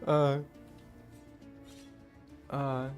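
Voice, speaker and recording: A man with a Ukrainian accent rambles through casual gameplay commentary. He chuckles and swears often as he talks, in a mid-pitched voice. Faint game music plays behind him. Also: level tone, drawn-out words, smooth. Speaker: gamer streamer.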